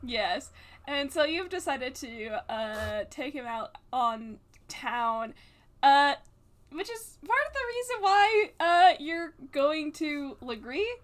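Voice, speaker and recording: A woman narrating as game master of a tabletop role-play, halting with many fillers and restarts. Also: high voice, lively intonation.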